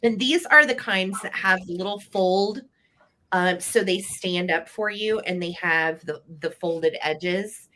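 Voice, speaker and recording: A woman's voice: mid-range voice, slow pace, sharp tone. A woman co-hosting a live vintage sale, chatting enthusiastically as she describes each item. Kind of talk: live sale product chat.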